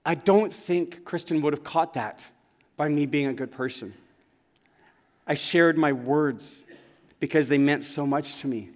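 A man with a somewhat high voice preaches a sermon in a church sanctuary, speaking at a measured pace with long pauses. He's a pastor telling stories in an earnest, conversational manner, and the large hall adds a long reverb to the recording.

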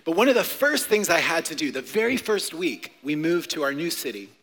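Man preaching in a church, high pitched voice, bright tone, playful and animated, long hall reverb. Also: fairly quick. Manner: animated, playful, leads the congregation in song. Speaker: pastor. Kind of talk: sermon. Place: church sanctuary.

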